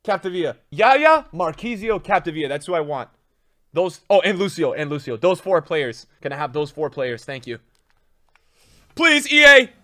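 A young adult man streaming live, opening packs and talking to his chat, often shouting with excitement. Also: on the high side, moderate pace, no room sound, studio quality.

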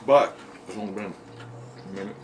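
A plain-spoken man with a Pennsylvania accent and a lowish, unhurried voice taste-tests hot wings at home for a casual vlog. He's easygoing and chats between bites, recorded on a distant mic with noticeable noise.

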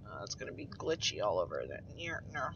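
A woman's voice: extremely low pitch, big pitch swings, brisk, vocal fry, highs cut off, heavy background noise. A woman streaming a game in rambling, giggly casual chat, swearing freely as she goes. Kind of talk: casual chat while playing.

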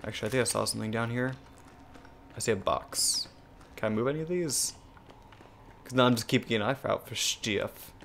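A young man co-hosting a gaming channel, thinking out loud and swearing freely as he plays. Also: mid-range voice, fairly quick, gravelly, pauses often, background noise. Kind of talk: casual gameplay commentary.

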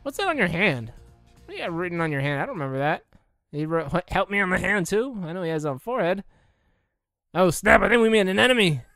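A young man playing a video game offers jokey let's-play commentary in a high, lively voice that's gravelly and sharp. He talks fast and keeps breaking into mock announcer shouts. The dry, close recording carries faint game music underneath.

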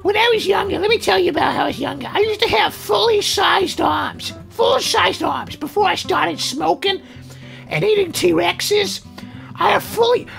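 A woman's voice: very high voice, lively intonation, moderate pace, gravelly, fairly bright tone, faint music behind, full character voice. A woman voicing a rambling old grandmother who wheezes like an ex-smoker.

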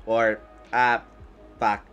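Slow, hesitant man at a game table. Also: lowish voice, level tone, a bit bright, muffled recording, faint music behind. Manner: hesitant, many fillers. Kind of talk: casual game chat.

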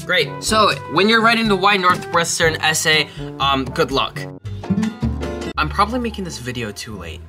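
A young man from Texas giving casual advice to applicants, animated and self-mocking, dropping quick mumbled asides to himself. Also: a little high, over music. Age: young adult. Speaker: college student giving essay advice.

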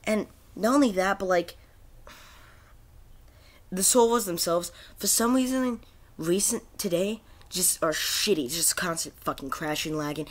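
A man's voice: sits high, unhurried, slight background noise. A man ranting in frustration about a video game, swearing constantly and rambling with many fillers and restarts. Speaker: gaming video creator. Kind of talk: angry gaming rant.

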